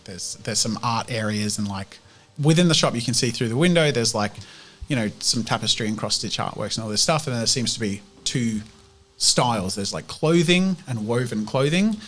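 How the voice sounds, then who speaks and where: A man's voice: mid-range voice, animated, normal speed, a bit bright, slight background noise. A man narrating a tabletop role-playing game as game master, casual and rambling.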